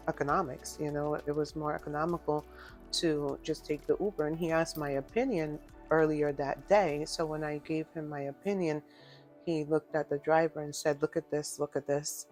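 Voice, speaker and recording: A woman, speaking earnestly and reflectively in a personal testimony vlog, pausing often as she talks. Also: low-pitched, a little mellow. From Dominican Republic. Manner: earnest, reflective, halting with many pauses. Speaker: vlogger.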